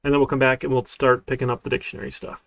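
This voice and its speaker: In this live-streamed coding class, the male university instructor keeps things casual and talkative, often tossing in "right?" to check in. He speaks rapid-fire in a mid-range voice with vocal fry and a completely flat delivery.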